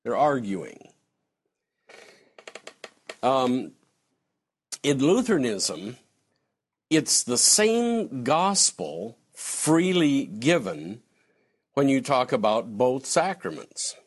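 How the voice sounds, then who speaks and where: A man's voice: mid-range voice, very slow, long pauses, slightly rough. A man lecturing on theology in a conversational, digressive way, answering a question from the floor. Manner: digressive, animated, breaks into acted quotes.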